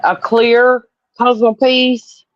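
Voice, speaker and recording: A woman joining a livestream as a guest caller, speaking hesitantly with lots of pauses and fillers over slightly dull audio. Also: a little high, level tone, dry recording. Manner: soft-spoken and hesitant, many fillers. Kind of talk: casual chat.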